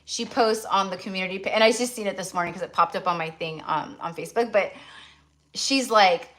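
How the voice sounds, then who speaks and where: Woman, middle-aged, tarot livestream host, rambling casual chat, filler-heavy, animated, mid pitch. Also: a little fast. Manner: animated, filler-heavy ranting with frequent "like" and swearing. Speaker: tarot reader hosting a livestream. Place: rural home.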